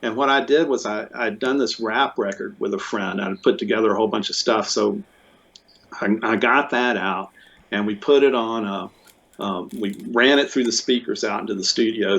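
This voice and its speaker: A man tells a long story in a loose, rambling way, stopping to restart his sentences and then getting excited. His voice sits a little low and the recording sounds muffled and lo-fi. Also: normal speed, gravelly. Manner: rambling, animated, many restarts and fillers. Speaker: interview guest, musician. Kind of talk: casual storytelling. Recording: muffled lo-fi audio.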